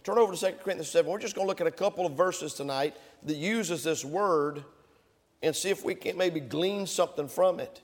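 A man's voice: on the high side, a little fast, in a large hall. A male pastor preaching a sermon to his congregation, emphatic and building to fervent peaks. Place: church sanctuary.

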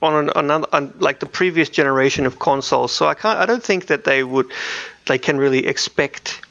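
Gravelly-voiced man chatting casually. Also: fairly high pitch, a little fast, fairly bright tone, lo-fi sound. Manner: rambling, many restarts and fillers. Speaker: podcast co-host. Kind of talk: casual chat.

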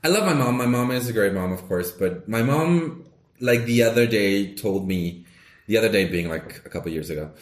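A man's voice: lowish voice, animated, moderate pace. A young man, co-hosting a podcast in casual chat, rambling with fillers and restarts. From Mexico. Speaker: podcast co-host. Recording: roomy echo.

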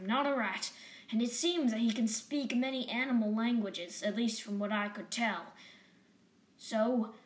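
Resolute female cat leader, read by a woman, storybook, slow and firm. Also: on the high side, reverberant. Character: determined female cat leader, friend to all realms.

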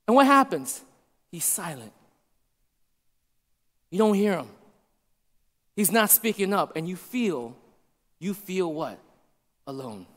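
A man preaching a sermon to a congregation, conversational and checking in with his listeners, dropping to a hush for emphasis. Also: high voice, sing-song, slow pace, long pauses. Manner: shifts from loud to hushed for emphasis. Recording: long hall reverb.

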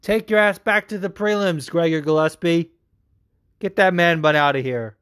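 A man's voice: fairly high pitch, normal speed, clear, resonant tone, no echo. A man with a slightly raised voice chats loosely about fights, swearing freely and getting worked up. The sound is dry and close, with no room around it. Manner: profane, excitable, laughing. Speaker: podcast host answering listener calls. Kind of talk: casual chat.

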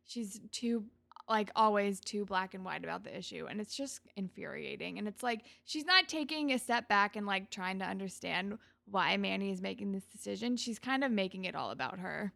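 A woman co-hosting a podcast, casually recapping a TV episode and acting out the characters' lines in quick quoted bits, with lots of fillers. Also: mid-range voice, gravelly. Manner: animated retelling with quoted voices, frequent fillers. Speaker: podcast co-host.

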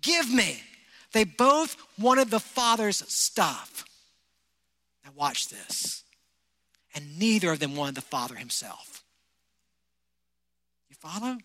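A man's voice: sits high, very animated, slow pace, long pauses, pushed and bright. A man, a pastor, preaching a sermon in a church, emphatic and full of rhetorical questions to the congregation. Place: church hall. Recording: long hall reverb.

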